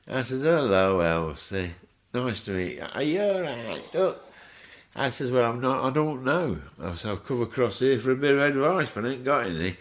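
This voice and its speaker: A man's voice: medium pitch, moderate pace. Older man telling a story. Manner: animated, acts out voices in his story. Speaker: interview guest. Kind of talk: anecdotal storytelling.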